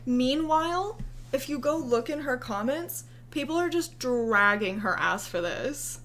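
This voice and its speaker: A young woman talks through her commentary with biting sarcasm, frequent swearing and bursts of laughter. Her voice sits fairly high, and she draws her words out at an unhurried pace. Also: expressive, a bit bright. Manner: sarcastic, profane, laughing, chatty. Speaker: commentary video host. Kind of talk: casual commentary.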